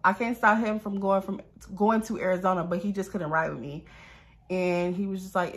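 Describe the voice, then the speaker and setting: A young woman casually telling a storytime vlog to her viewers, exasperated and animated, acting out quoted lines. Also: moderate pace. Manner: animated, exasperated, voices quoted lines with big pitch jumps. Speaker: storytime vlogger.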